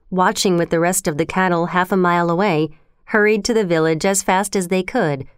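Woman narrator, storybook reading, smooth resonant voice, dry close recording, mid pitch. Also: no room sound. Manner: steady expressive storytelling. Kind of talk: scripted narration.

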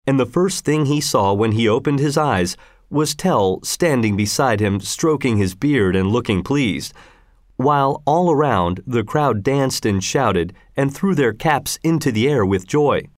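A man narrating a story as an audiobook, reading in a lively, expressive way. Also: medium pitch, a little slow, no echo, studio quality.

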